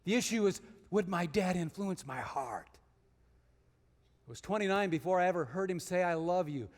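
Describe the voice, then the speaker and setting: A man with a high voice preaches as a guest speaker in a church sanctuary, using lively intonation at a normal speed. He alternates between forceful emphasis and hushed stories, and the big hall adds long reverb.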